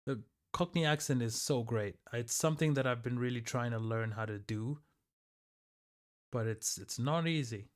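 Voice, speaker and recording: A man hosts a live stream and chats easily with the viewers watching. His voice is smooth and clear, sitting at an ordinary middle pitch. He talks in a loose, rambling way, answering whatever comes up in chat. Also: normal speed. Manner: loose and chatty, reads and answers chat aloud. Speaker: livestreamer.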